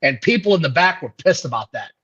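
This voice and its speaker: A man co-hosting a wrestling podcast, telling stories in a slangy, animated way. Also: on the high side, fast talker, breathy edge. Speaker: podcast co-host. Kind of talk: casual chat. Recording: dull lo-fi sound.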